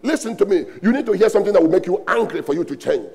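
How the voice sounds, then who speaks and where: Pastor, Nigerian-accented man, high voice with a gravelly edge; emphatic sermon delivery, lots of repetition. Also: fast, few pauses, dark tone. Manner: emphatic preaching with rhetorical questions and repetition.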